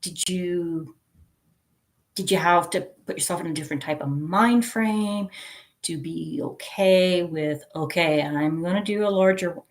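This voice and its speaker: Middle-aged lady on a livestream, slow chatty talk, kinda low voice, giggly, reading comments out loud. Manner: chatty, giggly, reads viewer comments aloud. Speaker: livestream host. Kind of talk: casual chat with live viewers.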